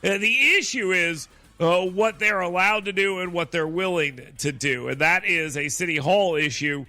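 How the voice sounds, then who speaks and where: Talk radio host, male, sardonic, bright cutting tone, dry studio sound. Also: fairly high pitch, normal speed, no room sound, faint music behind. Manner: sarcastic, mocking, animated asides.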